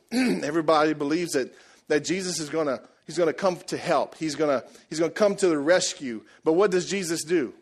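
A man preaching a sermon, telling the story in a lively, joking way and acting out the people in it. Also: on the high side, fairly quick, slightly rough. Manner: animated, jokey storytelling, acts out voices. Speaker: pastor.

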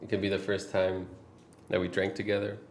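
Very deep-voiced teasing woman. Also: little pitch movement, brisk, darkish tone, roomy sound, slight background noise. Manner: teasing, playful, laughing. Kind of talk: casual chat with a partner.

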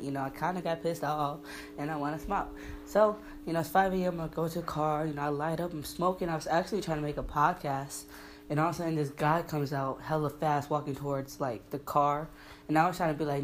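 A woman's voice: low-pitched, a little fast, a little hiss or hum. A young woman hosting a casual podcast, rambling through a story with heavy slang and swearing while she acts out what people said. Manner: rambling, profane and slangy, acting out quotes. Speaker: podcast host.

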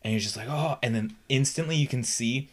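A man's voice: medium pitch, a little fast. A man co-hosting a podcast, telling stories in a rambling way with many fillers and restarts. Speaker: podcast co-host. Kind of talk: casual chat.

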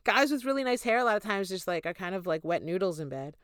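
A woman's voice: medium pitch, animated, quick pace, fairly bright tone, clear, resonant tone, no echo, clean studio sound. A young woman on a podcast, telling loose, profane stories in casual chat and acting out what everyone said. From California. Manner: loose, profane storytelling with acted-out quotes. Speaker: podcast co-host.

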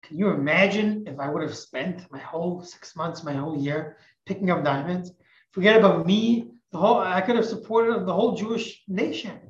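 A woman's voice: lowish voice, normal speed. Woman, religious teacher, storytelling a parable, emphatic, repeats herself, dull muffled audio. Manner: animated, emphatic, repeats phrases. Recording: echoey, muffled recording.

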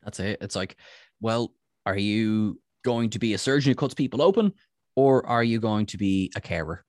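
Man, podcast co-host, low voice, lively pitch, wry humor. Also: normal speed, no echo, studio quality. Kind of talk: casual chat.

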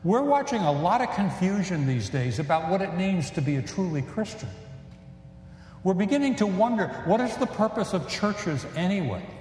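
Older guy preaching, earnest and reflective, bit higher voice, big echoey church. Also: sing-song, a little mellow, faint music behind. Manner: reflective, earnest, with frequent pauses and fillers. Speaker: pastor. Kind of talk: sermon. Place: church sanctuary.

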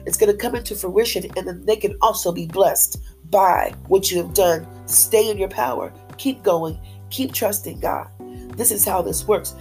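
An upbeat woman delivering a faith-based motivational talk with lots of pep in her voice. She leans on repeated phrases to drive her points home, and soft music plays faintly behind her. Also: medium pitch, normal speed, poor audio. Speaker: motivational speaker.

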